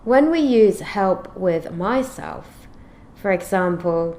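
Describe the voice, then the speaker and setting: A woman teaching an English grammar lesson, explaining clearly and reading out example sentences in a measured way. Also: lowish voice, animated, darkish tone.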